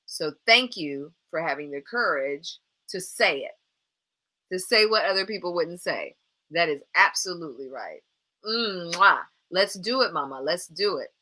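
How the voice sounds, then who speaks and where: A woman leads a live motivational coaching broadcast. Her voice is bright and forceful. She speaks straight to her viewers and repeats phrases with energy to drive each point home. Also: lowish voice, measured pace. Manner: encouraging and animated. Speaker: life coach hosting a live show.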